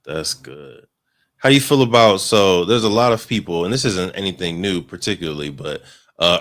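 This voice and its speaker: Very deep-voiced interview host. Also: male voice, fairly bright tone, no echo. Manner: brief affirming murmurs, long winding questions. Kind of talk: interview questions.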